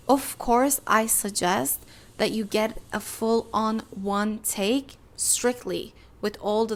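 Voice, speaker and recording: Woman, young adult, podcast host, casual advice talk, animated and chatty, gravelly fry. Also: on the high side. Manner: chatty, animated, acts out little quoted exchanges.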